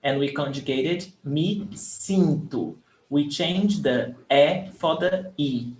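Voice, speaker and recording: A man's voice: on the high side, takes it slowly. A man teaching verbs in a live online lesson, explaining patiently and repeating examples. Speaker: Portuguese teacher. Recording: echoey room, faint background noise.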